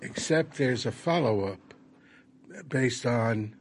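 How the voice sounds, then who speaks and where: A man's voice: mid-range voice, expressive, slow pace, breathy edge. A man commenting in a workshop.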